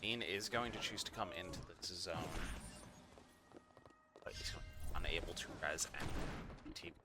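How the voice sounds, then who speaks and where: A man doing brisk, matter-of-fact play-by-play commentary as an esports caster. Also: low voice, heavy background noise. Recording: loud game gunfire behind.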